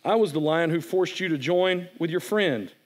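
A man voicing a great, calm lion in a story read aloud, speaking in a measured way. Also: a little high, natural voice. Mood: solemn.

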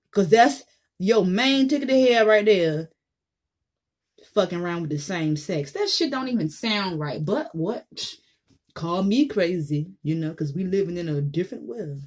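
A woman speaking her mind to camera in a loud, cursing rant. She swings between heated outbursts and quieter asides, talking straight to her viewers. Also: mid-range voice, animated, unhurried. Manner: blunt, profane, mocking voices she imitates. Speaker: vlogger. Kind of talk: opinionated monologue to camera.

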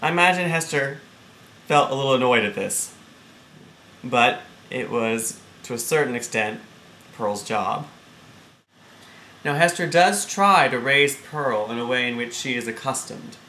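A man's voice: mid-range voice, measured pace, long pauses, sharp tone, slight background noise. A man teaching an English literature lesson, explaining the text and reading passages aloud. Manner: explains then reads quoted passages dramatically.

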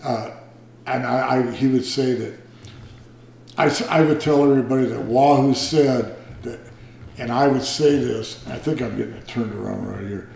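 A man's voice: medium pitch, moderate pace, vocal fry, a little mellow, a little hiss or hum. An older man, a retired wrestler, telling rambling and profane anecdotes in an interview. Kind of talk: shoot interview storytelling.

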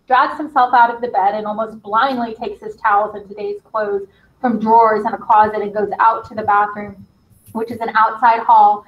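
A woman teacher leading her class and reading a play's stage directions aloud in a brisk, encouraging way. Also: a little high. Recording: slightly dull lo-fi sound.

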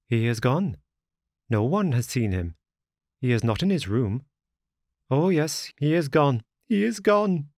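A man's voice: mid-range voice, sing-song, a little slow, pauses often, a little mellow, no room sound, clean studio sound. A man voicing a young female maid who speaks strangely and insistently, in an audiobook story. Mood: strange, fixated.

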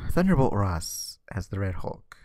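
In a dry recording, a man with a lowish, darkish voice and vocal fry vlogs about comic books. He rants sarcastically and casually, sounding exasperated, frequently stammering and saying words twice.

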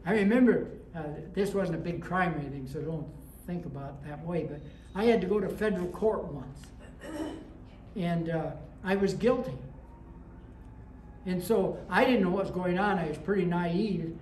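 A woman's voice: fairly low pitch, moderate pace, darkish tone, a little hiss or hum. A woman pastor preaching a sermon in a conversational way, with anecdotes and rising emphasis. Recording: echoey room with faint ambience.

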